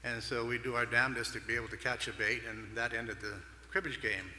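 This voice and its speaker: An older man from Hawaii speaks at a podium in a large banquet hall, telling folksy, rambling stories. His voice is very bright and forceful, and it rings out with a long, roomy reverb. A faint murmur of the room sits underneath. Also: mid-range voice, fairly even intonation, a little fast, slight background noise. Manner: folksy, rambling anecdotes with fillers. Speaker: award speaker. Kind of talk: storytelling speech.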